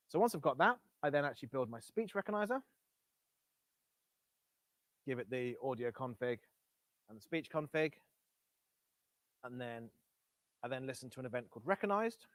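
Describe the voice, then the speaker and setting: A man's voice: mid-range voice, sing-song, moderate pace, pauses often, a bit bright, no room sound. Man giving a casual tech talk. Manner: casual, self-correcting, wry asides. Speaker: meetup presenter. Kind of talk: live-coding tech talk. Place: meetup room with live audience. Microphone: Bluetooth headset.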